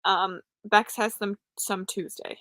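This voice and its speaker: A woman's voice: medium pitch, fairly even intonation, slow pace, fairly bright tone, no room sound. A young woman hosting a late-night livestream, chatting casually with viewers and poking fun at herself. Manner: chatty, self-deprecating, answers chat. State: tired, up late. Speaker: livestream host. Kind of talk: casual live chat.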